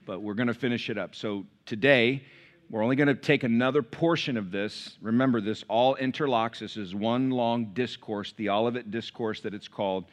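A man's voice: mid-range voice, normal speed. A middle-aged man preaching a sermon as pastor, telling stories with quoted dialogue and asides to the congregation.

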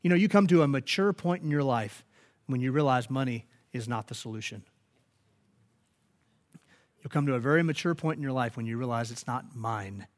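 A man's voice: medium pitch, lively intonation, normal speed, pauses often. A man preaching a sermon, telling stories and rising to emphatic peaks. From United States. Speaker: pastor.

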